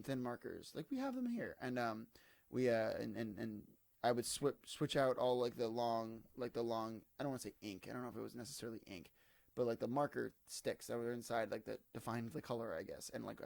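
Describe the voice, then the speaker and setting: An American vlogger in his twenties, tired and a little hungover, rambles casually to camera in a digressive, self-deprecating way. His medium-pitched voice has vocal fry, with no echo.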